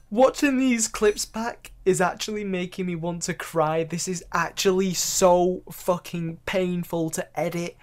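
A young man giving excitable, profanity-laced commentary over his own gameplay clips. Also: high voice, unhurried, hardly any pauses. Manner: excitable, swears freely, loud exclamations. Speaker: gaming YouTuber. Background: faint background music.

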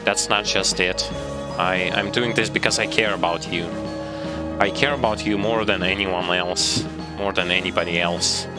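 A man voicing a tearful, remorseful young goat-monster boy as he reads game dialogue aloud in a slow, earnest way over gameplay. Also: low-pitched, fairly even intonation, lightly acted. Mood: pleading. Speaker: let's play gamer. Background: game music.

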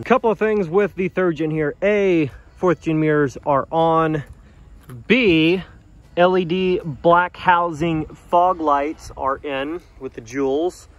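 A man casually talking about his pickup truck, animated and slangy, addressing his viewers directly. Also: fairly high pitch, dry recording, muffled recording. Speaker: truck vlogger. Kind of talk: casual vlog talk.

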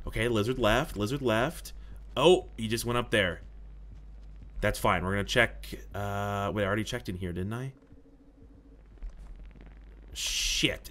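A young man giving casual gameplay commentary, talking to himself, excitable and swearing often. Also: on the low side, creaky. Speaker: gaming YouTuber.

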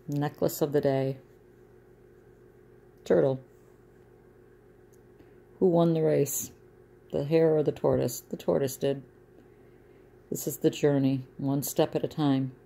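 A woman's voice: sits low, creaky, warm tone. A middle-aged woman talking in a personal video diary, emotional and rambling, venting her frustration. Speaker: vlogger.

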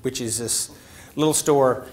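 A man's voice: mid-range voice, a little slow. A man, telling a story in a lecture, acting it out animatedly and dropping to whispers. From Georgia, USA. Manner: animated, acts out scenes, drops to a whisper. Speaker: storyteller giving a talk.

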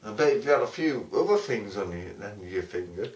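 A man's voice: fairly low pitch, lively intonation, brisk, darkish tone, recorded from a distance. A man, rambling and swearing in a casual chat, often losing his train of thought. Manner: rambling, sweary, easily sidetracked. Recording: roomy sound from off the mic.

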